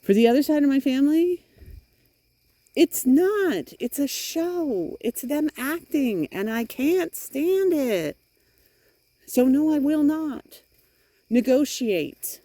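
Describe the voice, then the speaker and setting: A woman's voice: high-pitched, lively intonation, slow pace, warm tone, no room sound. Frustrated woman venting on a rainy walk. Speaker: vlogger. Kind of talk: walking vlog monologue. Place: outdoors in the rain.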